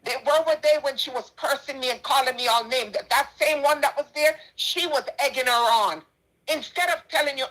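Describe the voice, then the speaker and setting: A middle-aged Jamaican woman, a charity donor responding to a dispute, makes an impassioned personal statement in a high-pitched, sharp voice at a fairly quick pace. Indignant and emphatic, she repeats her points over poor audio.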